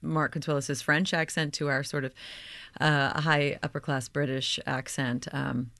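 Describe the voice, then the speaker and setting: An actress from Oklahoma, chatting lively in an interview, laughing easily and restarting her sentences. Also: low-pitched, unhurried, no echo. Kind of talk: casual interview chat.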